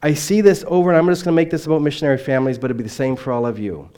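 Speaking as a missionary, this man earnestly recounts a personal story in his sermon, shifting between loud, emphatic lines and quiet, trailing endings. His voice is a little high, smooth, and racing.

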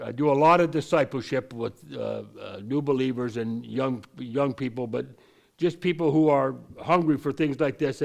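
A man teaching from scripture in a conversational way, reading verses slowly and then explaining them in quick asides. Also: mid-range voice, gravelly. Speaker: preacher. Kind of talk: Bible teaching.

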